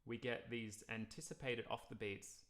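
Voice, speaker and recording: A man's voice: medium pitch, fairly even intonation, fairly bright tone. A man teaching a live music theory lesson, counting beats and scat-singing rhythms to explain a song. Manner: sings example lines slowly.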